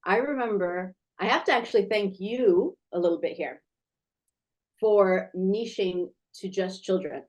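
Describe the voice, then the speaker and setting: Woman, 40s, mid-pitched, eager and rambling, a teacher guest on a video call. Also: a little mellow. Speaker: guest, children's language teacher. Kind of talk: casual video interview.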